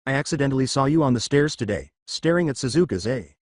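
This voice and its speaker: A man's voice: medium pitch, lively intonation, fast talker, no echo, lightly acted. Tipsy teasing young woman, read by a man, slurred, pushy, dry close sound.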